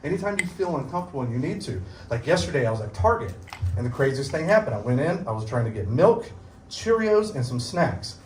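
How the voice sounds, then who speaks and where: A man's voice: medium pitch, fast. A middle-aged man performing a live stand-up set at a small show, acting out quotes with voices. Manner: animated, acts out quotes with voices. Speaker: stand-up comedian. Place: small comedy show venue with audience. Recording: roomy venue audio from far off. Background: audience laughter and room noise.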